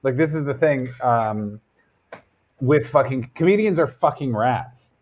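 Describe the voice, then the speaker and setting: A man rambles through loose, swear-heavy comedian chat on a stream. His voice sits at an ordinary middle pitch. The audio is dull and lo-fi, like a muffled stream capture. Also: a little slow, a crowd in the background. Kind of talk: casual chat.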